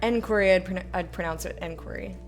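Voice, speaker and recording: A woman's voice: medium pitch, moderate pace, over music. A woman streamer giving casual, rambling, self-mocking commentary while playing a game. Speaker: let's play streamer.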